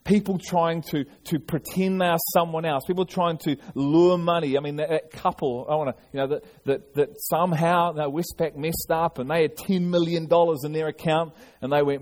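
A man's voice: on the high side, fairly even intonation, normal speed, few pauses, a little mellow. A man preaching a sermon, earnest, often restarting and repeating his words. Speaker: pastor.

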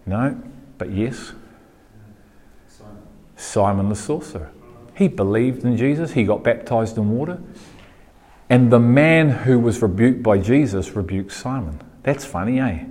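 A man's voice: measured pace, long pauses. Man preaching a sermon in a reverberant hall. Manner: animated preaching, rising in pitch when fired up; asks the audience questions, repeats phrases.

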